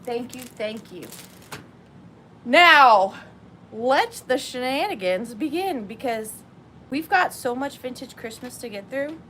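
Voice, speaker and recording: A woman's voice: sits high, lively intonation, slow, bright, forceful tone, a little hiss or hum. A woman hosting a live vintage sale stream, chatty and effusive, often apologizing and gushing over her viewers. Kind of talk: live-stream sales chat.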